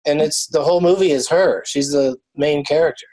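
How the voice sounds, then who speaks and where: A man's voice: a little high, brisk, a little mellow, rough recording. A man hosting a comedy podcast, chatting loosely and laughing often. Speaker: podcast host. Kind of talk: casual comedy podcast chat.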